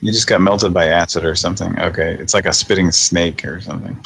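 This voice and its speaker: A man's voice: sits low, fairly even intonation, quick pace, vocal fry, a bit bright, husky, dry recording. A man in his thirties hosting a late-night live show, tired and yawning, chatting casually and chuckling as he thinks aloud. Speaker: podcast host.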